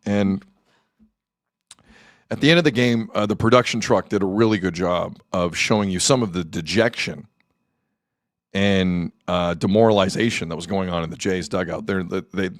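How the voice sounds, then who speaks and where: A man hosting a sports talk show, excitable, jumping between shouting and low muttering. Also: moderate pace, no room sound, clean studio sound.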